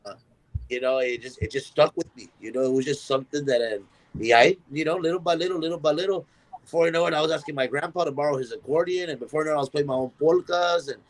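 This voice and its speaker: A man, a musician guest on a podcast, telling a story in an animated way and acting out the voices of the people in it. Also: a little high, fast, low-quality recording. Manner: animated, acts out quoted voices in his stories.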